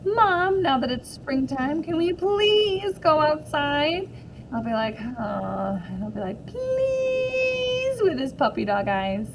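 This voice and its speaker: A woman's voice: mid-range voice, a little hiss or hum, rough recording. A woman in her thirties reading a storybook aloud to children and asking them questions along the way. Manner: warm, asks children questions.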